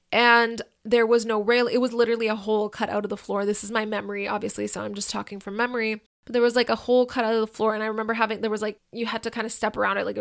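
A woman's voice: on the high side, vocal fry. A woman in her thirties hosting a podcast, telling a personal story in a chatty way with many fillers and acted-out quotes. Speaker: podcast host. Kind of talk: casual storytelling.

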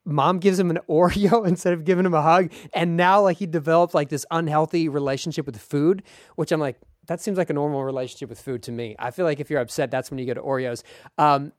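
Guy hosting a chat, bit high voice, jokey and self-deprecating, very dry close sound. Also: quick pace, no room sound. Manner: animated, self-deprecating, laughs easily. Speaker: podcast host. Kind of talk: casual interview chat.

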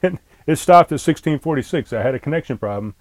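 Inside a camper trailer, a man hosts his own podcast in casual solo chat, griping, rambling, and cursing a lot into a laptop on a tray in front of him. His voice is a little high, expressive, and quick, with a dry recording.

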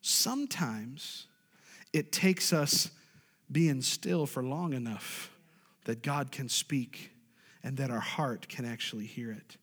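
A man's voice: mid-range voice, slow, a bit bright, breathy edge, in a large hall. A man preaching a sermon as pastor, emphatic, often asking the congregation "right?" and drawing an "amen".

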